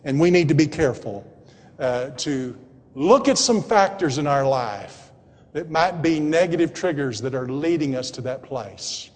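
A man preaching a sermon and reading scripture, emphatic and building to loud appeals. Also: fairly high pitch, lively intonation, a little slow. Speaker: pastor. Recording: long hall reverb.

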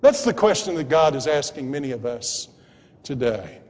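A man preaching a sermon and reading scripture, emphatic and building to loud appeals. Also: mid-range voice, big pitch swings, normal speed. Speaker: pastor. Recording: long hall reverb.

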